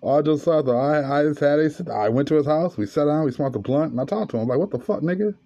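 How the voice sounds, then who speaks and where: A man's voice: fairly high pitch, quick pace, gravelly, mellow, highs cut off. A man hosting a podcast, telling a story in a casual, profane monologue. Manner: profane, storytelling, rising to angry rant. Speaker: podcast host.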